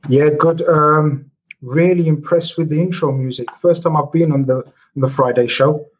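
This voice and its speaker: A man chats as a guest on a casual football podcast, his voice fairly high and husky. He jumps in often and stumbles over his words. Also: fairly even intonation, normal speed. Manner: chatty, interjecting, stumbling.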